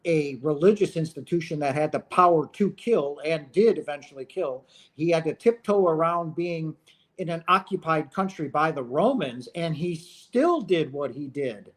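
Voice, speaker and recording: A man with a fairly high voice delivers a heartfelt rant straight to his audience. He sounds emotional and keeps circling back on his own phrases, pressing each point hard. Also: expressive, moderate pace. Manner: impassioned, ranting, repeats phrases. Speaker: channel host. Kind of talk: emotional monologue to camera.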